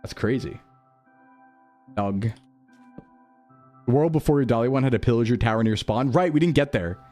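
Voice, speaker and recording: A man's voice: mid-range voice, animated, normal speed, mellow, faint music behind. A young man rambling through casual gameplay commentary, jokey and self-mocking. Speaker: streamer.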